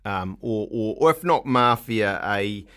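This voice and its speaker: A man's voice: fairly low pitch, lively intonation, a little slow, fairly bright tone. A man hosting a podcast interview, joking at his own expense and restarting his sentences. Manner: jokey, self-deprecating, stumbling restarts. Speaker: podcast host. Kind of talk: casual interview chat.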